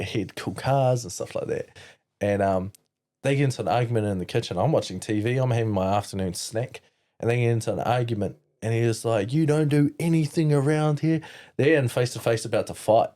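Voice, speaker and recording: Kiwi guy on a podcast, lowish mellow voice, rambling story with ums and swearing. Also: brisk. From New Zealand. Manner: candid, rambling, lots of fillers and swearing. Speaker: podcast guest. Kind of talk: casual storytelling.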